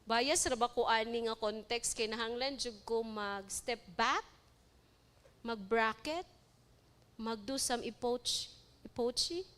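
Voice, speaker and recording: Speaking at a measured pace with long pauses, this female lecturer has a fairly high voice and a Cebuano Filipino accent. She's animated in her live seminar, trading jokes with listeners and moving between Cebuano and English.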